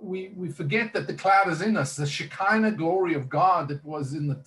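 A man's voice: on the high side, moderate pace, a bit bright. A man who is a minister, earnestly telling a personal testimony in conversation, rambling with many fillers and restarts.

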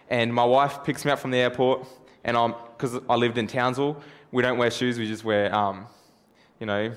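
A man's voice: medium pitch, a bit bright. A man preaching a sermon through a self-deprecating personal story, chatty and joking.

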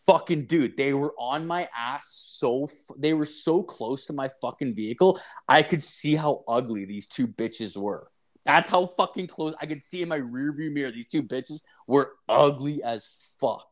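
A young man retells a story in loose, profane chat, leaning on fillers and swearing at every turn. His voice sits in an ordinary middle pitch. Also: moderate pace. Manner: crude, swearing constantly, filler-heavy, animated retelling.

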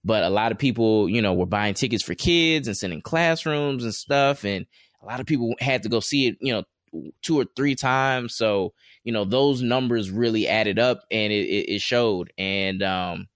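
A man's voice: fairly low pitch, normal speed, fairly bright tone, no echo, clean studio sound. A man co-hosting a casual chat show, talking in a loose, rambling way with many fillers and restarts. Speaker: podcast co-host.

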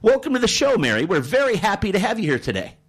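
Man, radio host, high animated voice, joking storyteller, studio mic. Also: quick pace, husky. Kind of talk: radio talk show, storytelling intro. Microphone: studio microphone.

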